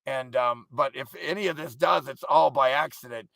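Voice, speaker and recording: A gravelly, hard-edged male voice, recorded dry and close with no room sound. He hosts a live stream and rants profanely and with contempt, leaning hard into every jab. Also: mid-range voice, moderate pace, fairly bright tone, no room sound. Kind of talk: ranting live stream monologue.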